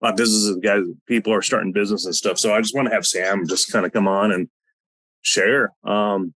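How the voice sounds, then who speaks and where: A man with a lowish, husky, fairly bright voice speaks fairly quickly and with fairly even intonation as he hosts a rambling, joke-filled podcast chat. He's on a video call without a headset, and the dry recording has poor audio.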